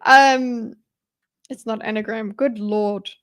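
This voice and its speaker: A woman's voice: a little high, fairly even intonation, fairly bright tone, smooth. A woman talking through a mind map on a live stream, rambling and restarting her sentences as she chats with viewers. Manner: rambling, self-interrupting, chatty with viewers, quick laughs. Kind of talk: thinking aloud while mind-mapping on a live stream.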